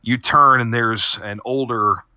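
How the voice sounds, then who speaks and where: Bright-voiced man running a tabletop game. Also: mid-range voice, steady tone, a little slow, no echo, clean studio sound. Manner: descriptive, many fillers, laughs often. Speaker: game master and podcast host.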